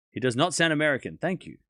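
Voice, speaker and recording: A man's voice: on the high side, fairly bright tone, no room sound, studio quality. A man with an Australian accent hosting a casual tennis watchalong live stream, reading viewer comments aloud and answering them in a laid-back, joking way. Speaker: livestream tennis watchalong host.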